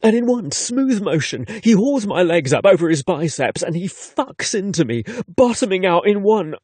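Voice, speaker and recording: A man narrating a romance audiobook in first person, with an expressive, breathy delivery. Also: high voice, moderate pace, dry recording.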